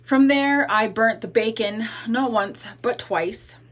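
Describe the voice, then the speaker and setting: A woman's voice: fairly high pitch, slow pace. Candid woman livestreaming from home. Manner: candid, self-deprecating storytelling. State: still regaining her voice. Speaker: livestream host. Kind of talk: casual livestream chat. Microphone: phone or webcam livestream.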